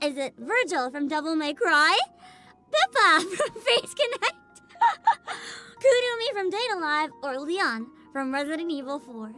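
A woman streaming a video game, chatting casually, excitable and giggly, and swearing freely. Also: very high voice, unhurried, faint music behind. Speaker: VTuber streamer. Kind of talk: casual gaming livestream chat.

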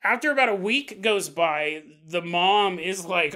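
Guy hosting a spooky podcast, high bright voice, cracking jokes as he retells a story. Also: fairly quick. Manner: joking, laughing asides, animated. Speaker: podcast host. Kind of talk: comic retelling of a paranormal story.

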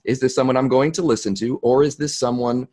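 A man's voice: mid-range voice, fairly even intonation, a little fast, darkish tone. A man with a Boston accent interviewing a guest, asking reflective questions. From Boston, New England.

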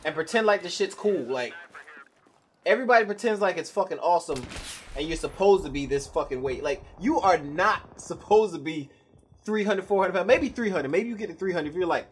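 A man's voice: fairly high pitch, lively intonation, a little fast, slight background noise. A young man ranting bluntly and profanely while commenting on his own gameplay. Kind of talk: live gameplay commentary rant.

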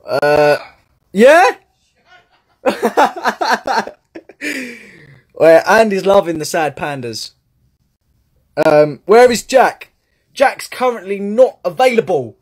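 Young British lad streaming live, unhurried, teasing, chatty with fans. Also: male voice, sits high, very animated. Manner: playful, reads out fan gifts and comments, teasing banter. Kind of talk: casual live-stream chat.

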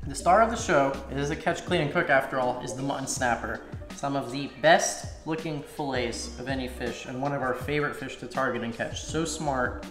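A man's voice: mid-range voice, a little fast. Slovak guy doing a cooking vlog in his kitchen, chill, echoey room, music under it. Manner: relaxed, talks viewers through each step. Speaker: cooking channel host. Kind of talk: casual cooking demonstration. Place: home kitchen. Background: background music, clinking dishes.

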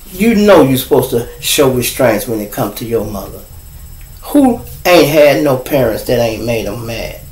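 A man's voice: mid-range voice, reverberant, low-quality recording. A middle-aged man from Chicago with a Chicago accent, ranting bluntly and profanely to his viewers as host of a casual live stream.

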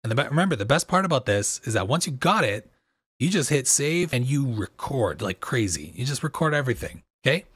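A man with a slight crunch in his voice, explaining audio software in a casual, loose tutorial with plenty of fillers, into a dynamic microphone. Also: medium pitch, big pitch swings, fairly quick, slightly rough, no room sound.

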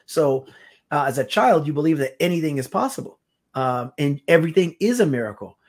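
A man's voice: on the high side, lively intonation, brisk, darkish tone. A man co-hosting a podcast, talking in a reflective way that drifts onto tangents. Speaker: podcast co-host. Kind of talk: casual podcast chat.

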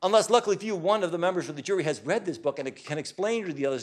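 A man's voice: high voice, lively intonation, racing, few pauses. A man giving a public talk to a live audience in a hall, speaking in an emphatic, insistent way.

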